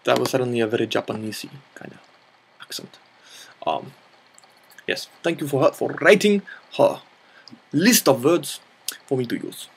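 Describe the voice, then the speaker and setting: Gravelly man in a put-on mixed accent. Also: mid-range voice, lively intonation, normal speed, long pauses. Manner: playful made-up mixed accent; rambling, self-mocking asides. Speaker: storytelling video host. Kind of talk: improvised silly storytelling.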